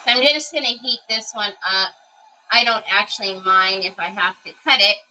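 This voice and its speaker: A woman hosts a live crafting stream, thinking aloud as she works and greeting viewers by name in casual, chatty talk. Her mid-range voice is pushed and bright, with fairly even intonation and normal speed, and the rough recording carries slight background noise.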